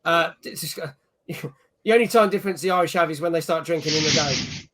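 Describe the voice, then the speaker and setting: A man's voice: on the high side, fairly quick, fairly bright tone. A man hosting a casual gaming chat show, reading out viewer messages and scores. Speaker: podcast host.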